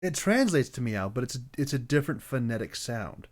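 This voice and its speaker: A man's voice: mid-range voice, sing-song, fairly quick. A man co-hosting a podcast, chatting casually and wandering into playful tangents. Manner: chatty, tangents, mock debating. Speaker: podcast co-host. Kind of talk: casual chat.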